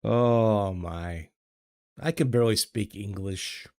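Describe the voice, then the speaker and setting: Slow, low-voiced older man. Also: darkish tone, dry recording, studio quality. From United States. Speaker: livestream host reading chat. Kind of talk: casual chat. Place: home streaming studio. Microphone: desk microphone.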